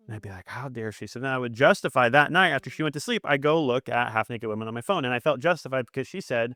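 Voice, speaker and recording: A middle-aged man co-hosts a marriage podcast and talks quickly and earnestly. He often slips into quoted dialogue as he tells his story. His voice sits mid-range and is recorded dry and close. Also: mid-range voice, fairly bright tone, no echo. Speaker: podcast co-host. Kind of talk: candid marriage advice chat.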